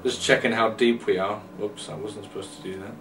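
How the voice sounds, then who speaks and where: A man's voice: fairly low pitch, steady tone, a little fast, vocal fry. A man rambling and joking to himself while commentating his game, with a distant mic and faint noise. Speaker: gamer. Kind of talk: let's play commentary.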